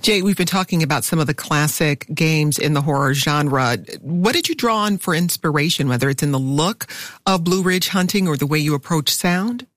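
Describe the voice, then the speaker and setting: A woman hosting a public radio talk show, putting steady, clear questions to her guests at a studio mic. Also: low-pitched, normal speed, no echo. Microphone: studio microphone.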